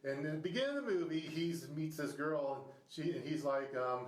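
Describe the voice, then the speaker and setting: A man's voice: fairly high pitch, sing-song, fairly quick, reverberant, rough recording. A man in his thirties hosting a podcast, chatting casually with a guest and rambling through many restarts and fillers. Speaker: podcast host. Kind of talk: casual interview chat. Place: Ohio.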